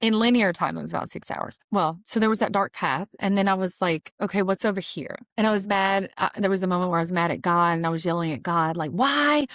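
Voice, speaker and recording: A woman's voice: on the low side, fairly even intonation, fast, few pauses, no room sound, studio quality. A woman hosting a podcast, talking earnestly through a reflective spiritual monologue, repeating phrases for emphasis with light laughs. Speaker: podcast host.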